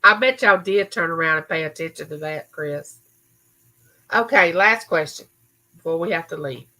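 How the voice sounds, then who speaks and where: Bright-voiced chatty woman. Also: low-pitched, moderate pace, rough recording. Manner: chatty, answers viewers by name. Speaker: livestream host. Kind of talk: casual live chat reading viewer comments. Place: home recording room.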